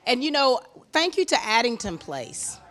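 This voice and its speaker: A woman's voice: fairly high pitch, big pitch swings, moderate pace, fairly bright tone. A woman hosting a TV tribute segment, prompting guests with short encouraging remarks. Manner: encouraging, brief affirmations. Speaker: TV host. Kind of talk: on-location interview.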